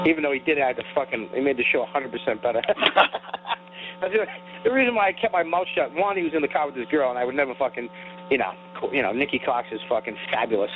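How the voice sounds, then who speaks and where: A man with a high voice and a New York accent rants in a heated, profane way on a comedy podcast. The sound is thin and tinny, like a phone line. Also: slight background noise. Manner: profane, heated, self-described sensitive. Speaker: podcast co-host. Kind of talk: ranting comedy banter.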